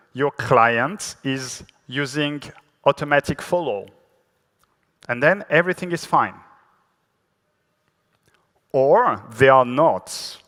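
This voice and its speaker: A man's voice: medium pitch, fairly bright tone. A man with a French accent giving a technical conference talk in a chatty, self-deprecating way, full of fillers and restarts. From France. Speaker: conference speaker. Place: large conference hall. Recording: long hall reverb.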